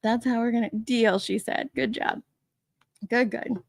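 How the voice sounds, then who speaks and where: Chatty woman streamer with a gravelly edge. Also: a little high, fairly even intonation, a little slow, no echo, studio quality. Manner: chatty, laughing often, greeting chat names. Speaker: livestream host. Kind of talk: casual live-stream chat greeting viewers. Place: basement man cave with a gray wall.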